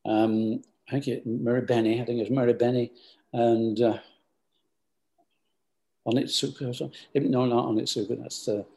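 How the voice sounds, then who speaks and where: Older guy, gravelly, rambly interview answers, lots of false starts. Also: medium pitch, fairly even intonation, moderate pace, long pauses, darkish tone. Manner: rambling, hesitant, many restarts. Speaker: business founder.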